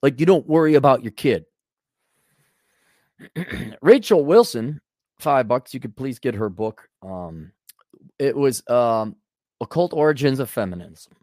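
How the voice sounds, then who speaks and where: A man's voice: mid-range voice, expressive, unhurried, long pauses, a little mellow, dry recording, studio quality. A man hosting a livestream, ranting sarcastically and bluntly while reading out donations. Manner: sarcastic, blunt, acts out imagined dialogue. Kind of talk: casual ranting monologue.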